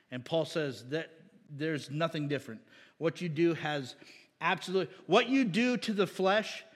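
A man's voice: on the high side, fairly bright tone, in a large hall. A man preaching a sermon as a pastor, conversational and emphatic, with frequent restarts and rising bursts of emphasis.

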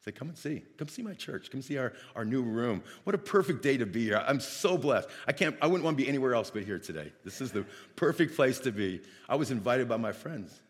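A man from Northeast Ohio preaching a sermon, telling a lively personal story and acting out the dialogue. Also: mid-range voice, brisk, few pauses, long reverb tail. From Northeast Ohio, United States.

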